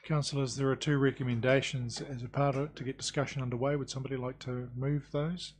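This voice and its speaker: A man chairing a council committee meeting, brisk and procedural with dry quips. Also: mid-range voice, level tone, a little hiss or hum. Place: council chamber.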